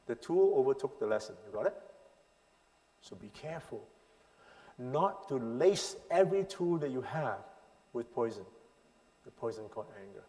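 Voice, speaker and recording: A man teaching a parenting seminar as a sermon, emphatic, asking the crowd rhetorical questions and swinging between loud and hushed lines. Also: medium pitch, very animated, moderate pace, long pauses. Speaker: pastor leading a parenting seminar. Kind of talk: sermon-style teaching to a congregation. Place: church hall. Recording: long hall reverb.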